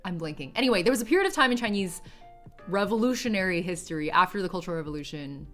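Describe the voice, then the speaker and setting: A woman's voice: on the low side, animated, fast talker, a bit bright, soft background music. A woman streamer chatting casually on a livestream, rambling with lots of filler words and reading viewer chat aloud, sometimes in Mandarin.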